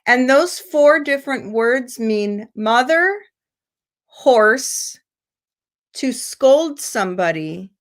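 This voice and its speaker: Slow, deliberate woman teaching online. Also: on the high side, lively intonation. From United States. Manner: slow, deliberate explaining with drawn-out example words. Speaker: English pronunciation teacher. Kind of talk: online seminar lecture. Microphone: video call.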